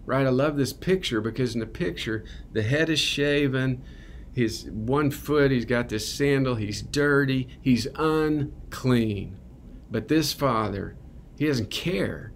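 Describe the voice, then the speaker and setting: A man's voice: medium pitch, a little hiss or hum. A man giving a conversational, earnest sermon at a recovery ministry, often checking in with "right?". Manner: earnest, keeps asking "right?".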